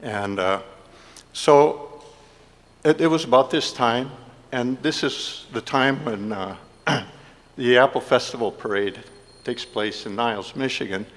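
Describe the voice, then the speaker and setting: In a reverberant hall, a man with a mid-range voice, a devotee giving a festival offering, speaks haltingly with many fillers and restarts. He delivers a heartfelt personal speech to the congregation.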